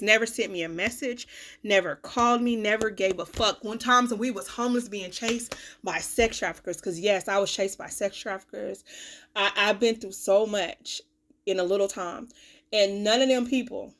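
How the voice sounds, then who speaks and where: A young woman, venting bluntly and with profanity in a candid vlog, her voice swinging from loud to a low mutter, with a cough now and then. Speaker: vlogger, self-styled life coach. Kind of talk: candid talking-to-camera vlog.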